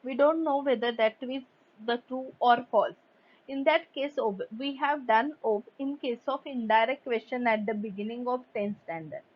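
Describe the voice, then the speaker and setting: A woman's voice: on the high side, normal speed. A woman teaching a German grammar lesson, reading example sentences and then explaining them carefully in English. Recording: dull lo-fi recording.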